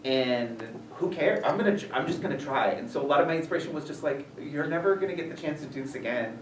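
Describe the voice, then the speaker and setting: A man visiting a school as an author, answering questions in a rambling, animated way full of fillers. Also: on the high side, fast, slight background noise. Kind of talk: casual Q&A talk. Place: school room, audience present. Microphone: distant from the recorder. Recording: echoey room, voice heard from far off.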